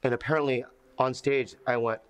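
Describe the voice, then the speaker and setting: A man with an even, mid-range voice talking earnestly. He stumbles and repeats words as he works through a painful memory. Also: mid-range voice, fairly quick, clean tone. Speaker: comedian. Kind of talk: documentary interview.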